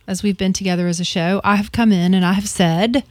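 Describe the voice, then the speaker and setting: A woman, co-hosting a morning radio show and telling a story with lively, laughing energy. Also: mid-range voice, a little fast, no room sound. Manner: animated storyteller, laughs often. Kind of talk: casual on-air chat.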